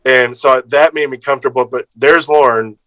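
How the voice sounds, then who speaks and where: A man, an improv performer, telling a casual anecdote with lively energy, acting out other people's lines and swearing freely. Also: mid-range voice, normal speed, dry recording, low-quality recording.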